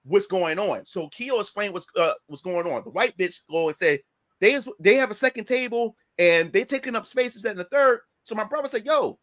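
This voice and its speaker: Recorded without room sound, a high-voiced man talks briskly as a podcast guest. He casually recounts a heated confrontation, cursing freely and animatedly acting out the quotes.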